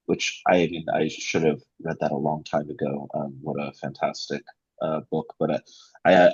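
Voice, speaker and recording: A man's voice: extremely low pitch, darkish tone, breathy edge, muffled recording. A man curator chatting on a video call, hesitant with many fillers. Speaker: curator guest. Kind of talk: casual video-call chat.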